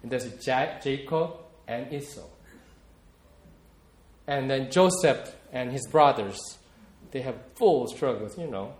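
A man's voice: medium pitch, takes it slowly, pauses often, darkish tone, reverberant. A man preaching a sermon, talking in a reflective, personal way and often repeating words as he searches for them. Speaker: pastor.

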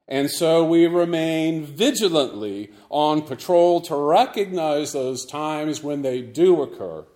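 A man preaching a Sunday sermon as the church's pastor, measured and deliberate with touches of dry humor. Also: on the high side, darkish tone, echoey room.

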